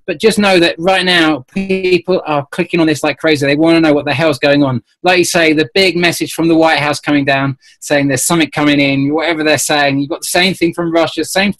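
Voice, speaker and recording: A man's voice: on the high side, steady tone, brisk, few pauses, a bit bright, rough recording. A man talking as a guest on a call-in show, earnest and rambling, restarting his sentences often. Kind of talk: conversational call-in chat.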